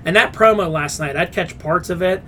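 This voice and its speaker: A fairly high-voiced man hosts a casual wrestling podcast. He talks bluntly, swears freely and mocks what he watched. A faint rumble hums under the recording. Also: fairly quick, pushed and bright. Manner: blunt, profane, sarcastic. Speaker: podcast host.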